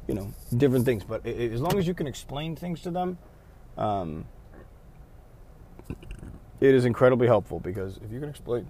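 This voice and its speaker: A man who referees rugby, talking casually in a car, rambling and correcting himself, now and then acting out players' shouts. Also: on the low side, slight background noise. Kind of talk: casual vlog talk.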